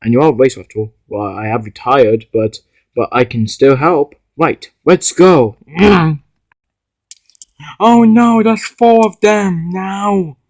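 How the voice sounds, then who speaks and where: A male voice acting out a homemade toy-car drama, with excited, stumbling, improvised lines. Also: a little high, slow pace, creaky, dry recording.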